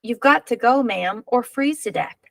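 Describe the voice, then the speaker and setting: A woman's voice: fairly high pitch, animated, normal speed, vocal fry, pitched above the performer's own voice, low-quality recording. A woman reading aloud as a friendly, folksy Western man who coaxes a mother and daughter along. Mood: coaxing. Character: friendly Western stranger, grown man, easygoing.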